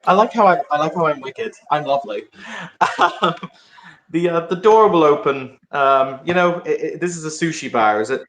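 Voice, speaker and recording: A man's voice: a little high, expressive, normal speed, background noise. Tabletop player, man, wry and rambling, roomy echo. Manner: rambling, self-correcting, wry. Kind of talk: narrating his character in a tabletop game. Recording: echoey room.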